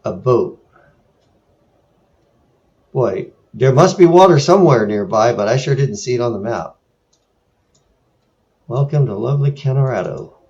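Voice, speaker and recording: Man, from san francisco, wry, musing, dark mellow tone, dull lo-fi sound. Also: mid-range voice, lively intonation, a little slow, pauses often. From San Francisco, USA. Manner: wry, musing, lightly sarcastic. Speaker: video creator. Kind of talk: casual screen-tour narration. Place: home in France.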